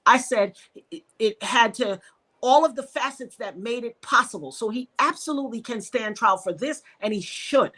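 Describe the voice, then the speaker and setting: A woman from New York, a podcast guest, telling an emotional personal story and acting out the voices of the people in it. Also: normal speed. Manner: animated, reenacts dialogue with sharp pitch jumps.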